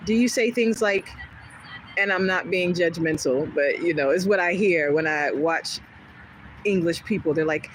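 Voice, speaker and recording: A woman hosting a casual livestream from home, chatting with viewers in a rambling, animated way and laughing often. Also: fairly low pitch, moderate pace, a little hiss or hum, poor audio. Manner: chatty and rambling, jumping between topics. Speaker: livestream host. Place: home in California.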